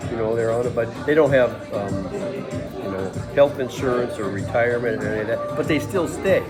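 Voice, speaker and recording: A man telling a casual, emotional story in a halting way, often repeating his words. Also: medium pitch. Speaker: storyteller recounting a school visit. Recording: crowd chatter and music behind.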